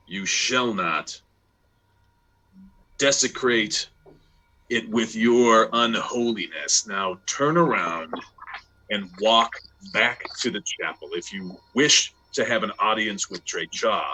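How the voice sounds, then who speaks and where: A man puts on a forbidding temple guard for a tabletop game, his low voice slow, formal and commanding. The tone is tense and forceful, with no give in it. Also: heavily acted, rough recording. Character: stern, imposing male temple guardsman.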